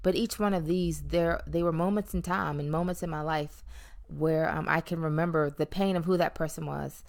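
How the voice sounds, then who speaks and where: Candid, lower-voiced woman reflecting aloud. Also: fairly even intonation, moderate pace, vocal fry, a little mellow. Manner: reflective and conversational, with playful emphasis and many um fillers. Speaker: vlogger sharing her weight-loss story. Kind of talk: candid personal monologue.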